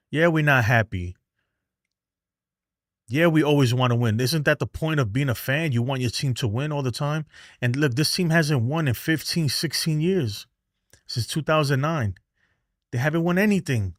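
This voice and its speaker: A man's voice: mid-range voice, normal speed, no echo, studio quality. A man hosting a baseball fan show, ranting heatedly on a livestream and reading chat messages, exasperated, profane, and often repeating himself.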